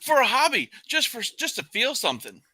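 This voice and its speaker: A man co-hosting a podcast in casual chat, joking and animated, with frequent swearing. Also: extremely high pitch, brisk, breathy edge, dry recording. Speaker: podcast co-host.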